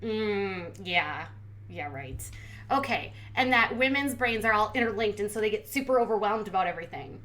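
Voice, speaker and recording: A woman's voice: mid-range voice, animated, normal speed, a bit bright. A woman hosting a commentary channel, recapping a reality show in casual, sarcastic, blunt talk full of "like". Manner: sarcastic, blunt, heavy use of "like".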